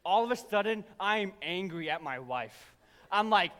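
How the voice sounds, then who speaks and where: A young man preaching a sermon, telling personal stories in an animated, self-deprecating way to his congregation. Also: high-pitched, moderate pace. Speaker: pastor. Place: large church auditorium. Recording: church hall with long reverb.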